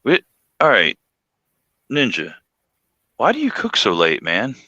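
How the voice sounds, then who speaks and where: A man's voice: mid-range voice, wildly swooping pitch, a little slow, bright, forceful tone, dry recording, dull audio. A man from Georgia with a Southern accent, chatting casually and laughing through his stories. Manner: laughs while telling stories, drawling slang. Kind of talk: casual chat.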